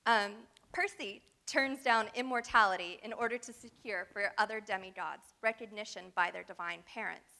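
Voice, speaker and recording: A woman in her thirties giving a guest lecture, reading a prepared academic text in a measured, scholarly way. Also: medium pitch, gravelly, bright, forceful tone.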